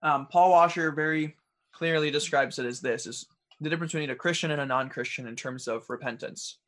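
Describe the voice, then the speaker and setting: Young male podcast co-host, earnest, casual, a touch higher voice, mimics the people in his stories. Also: a little fast, fairly bright tone. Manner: earnest, acts out quoted people in an example. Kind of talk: casual chat.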